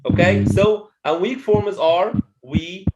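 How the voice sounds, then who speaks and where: A man's voice: high-pitched, fairly even intonation, takes it slowly, heavy background noise. A man teaching a pronunciation lesson to a classroom of students, repeating phrases and checking understanding with "okay?". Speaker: English teacher.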